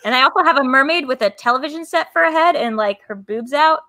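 A woman guest chatting casually, rambling and full of fillers as she tells animated stories. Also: sits high, quick pace, no room sound. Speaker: podcast guest. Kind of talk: casual chat. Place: lives in New York.

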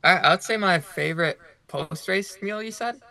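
A young man co-hosts a running podcast, chatting casually and stuffing his talk with "like." His voice is high, creaky, bright, and forceful, at a moderate pace.

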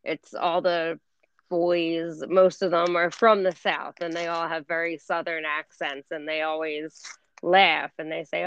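An American woman in her forties hosts a chat over a call, effusive and tripping over her own repeated starts. Her voice is low with a gravelly edge. The audio is dry and a little dull, like a lo-fi call line. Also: level tone, a little slow, no room sound. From United States. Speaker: podcast host. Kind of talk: casual conversation. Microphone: phone or call recording.

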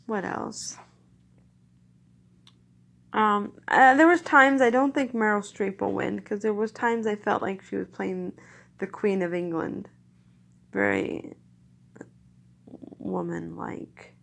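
A woman's voice: medium pitch, takes it slowly, vocal fry, long pauses, fairly bright tone. A woman chatting casually about films in a rambling, nostalgic way. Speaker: vlogger reviewing films. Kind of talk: casual chat.

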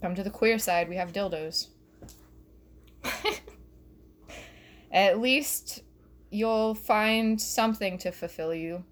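A woman's voice: mid-range voice, slow pace, pauses often, slight background noise. A young woman doing a profane, rambling comedy rant alone in her bedroom, recorded on her phone, laughing at her own jokes. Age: young adult. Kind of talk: solo stand-up style rant.

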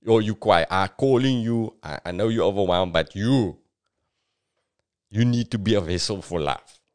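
A man's voice: lowish voice, normal speed, darkish tone, clear, resonant tone, natural voice. A South African man voicing a male God who talks in casual street slang. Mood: eager. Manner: casual street slang, keeps saying "bruh".

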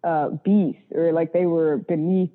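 Over a tinny, phone-like line, a woman with a fairly low voice speaks at a measured pace in a steady tone. She's an interview guest who works as a phone sex worker, telling candid, casual stories about the job in a blunt, profane way and acting out her callers' voices.

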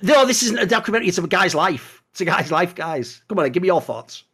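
A man's voice: high-pitched, animated, fast, a bit bright, breathy edge. A man co-hosting an esports podcast, ranting angrily with lots of swearing and sarcasm. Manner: angry, profane, sarcastic ranting. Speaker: podcast co-host. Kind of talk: heated esports commentary podcast.

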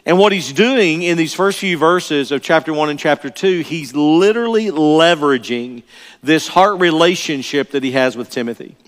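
A man's voice: fairly high pitch, normal speed. An older male pastor delivering a sermon in an earnest, emphatic way, often repeating his key phrases. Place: church sanctuary. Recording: long reverb of a large church hall.

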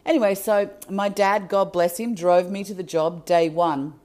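A woman's voice: on the low side, steady tone, moderate pace, a little mellow. Earnest woman telling a heartfelt story. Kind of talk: personal storytelling.

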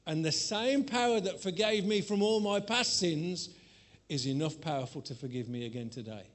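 A man preaching to a congregation and telling a candid personal story with self-mocking humor and sudden changes in loudness. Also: a little high, moderate pace. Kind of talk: sermon.

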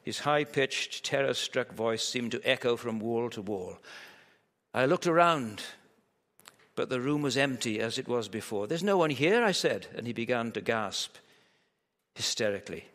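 A man's voice: mid-range voice, measured pace, fairly bright tone. A male preacher delivering a sermon with vivid storytelling. He keeps pressing his points with emphatic rhetorical questions, and his voice rings with a long reverb through a large hall. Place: large hall at a church camp.

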